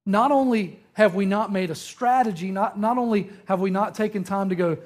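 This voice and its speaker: A man's voice: high-pitched, moderate pace, hardly any pauses. A man in his thirties giving a conversational sermon, telling a humorous story and often checking in with his listeners. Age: 30s. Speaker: preacher.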